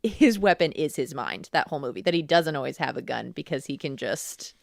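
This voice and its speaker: Low-voiced woman podcast co-host, enthusiastic and chatty, dry close mic. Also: animated, a little fast, creaky, no room sound. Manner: enthusiastic, lots of "like". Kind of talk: casual chat.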